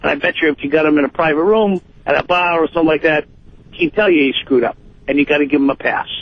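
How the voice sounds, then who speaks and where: Middle-aged man calling in; earnest, a bit higher voice, dull phone line. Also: fast talker, no room sound. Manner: earnest, fatherly advice. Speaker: caller. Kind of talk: call-in radio talk.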